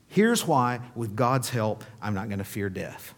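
A man preaching a sermon and leading a closing prayer in an earnest, emphatic way, sometimes dropping to a hushed whisper. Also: fairly low pitch, sing-song, unhurried. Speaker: pastor.

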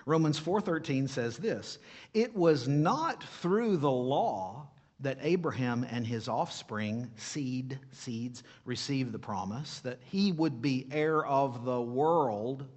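Animated male preacher with lively pitch. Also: slow. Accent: non-native English. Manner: animated, asks the congregation questions and answers them. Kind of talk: sermon.

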